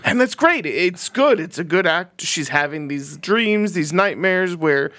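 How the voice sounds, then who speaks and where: Animated high-voiced man, profane movie chat. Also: measured pace, dry recording. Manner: animated, profane, acts out scenes. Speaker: podcast co-host.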